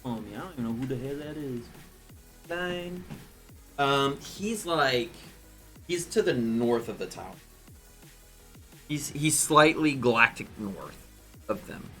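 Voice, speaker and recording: Bright, forceful male host, chatty and rambling, faint music behind. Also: medium pitch, unhurried, pauses often. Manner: rambling, animated storytelling with voiced asides. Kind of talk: casual chat.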